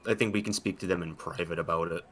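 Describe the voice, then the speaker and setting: A man's voice: deep voice, steady tone, quick pace, a crowd in the background. A man talking casually and hesitantly as a player in a tabletop game.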